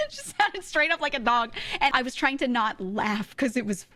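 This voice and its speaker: High-voiced woman telling a story, laughing. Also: normal speed. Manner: animated storytelling, often laughing. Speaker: streamer. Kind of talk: casual chat.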